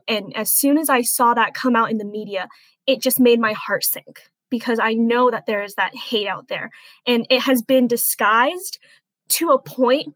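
A woman in her twenties, an interview guest, recounting a personal experience in an earnest, halting way that turns softly emotional. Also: fairly high pitch, no room sound, low-quality recording. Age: 20s.

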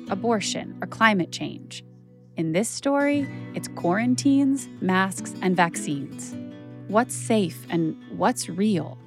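A woman hosting a podcast, telling a personal story in a candid, conversational way with lots of "like.". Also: mid-range voice. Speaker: podcast host and narrator.

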